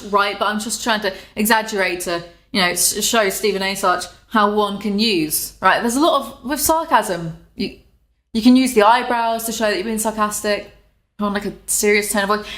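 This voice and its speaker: A young British woman giving casual, sarcastic commentary, animated and swearing freely. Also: mid-range voice, a little fast. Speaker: commentary YouTuber. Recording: echoey room.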